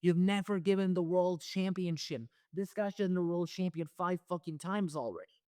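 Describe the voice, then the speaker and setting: A man's voice: high-pitched, moderate pace, mellow, clear, resonant tone, dry recording. Man ranting heatedly, dry close sound. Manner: heated, profane, repetitive ranting. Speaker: wrestling commentary host. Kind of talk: ranting reaction commentary.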